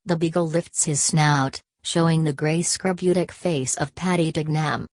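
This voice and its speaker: A woman narrating a novel aloud in a measured, even reading manner. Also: low voice, no room sound. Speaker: audiobook narrator. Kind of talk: scripted literary narration.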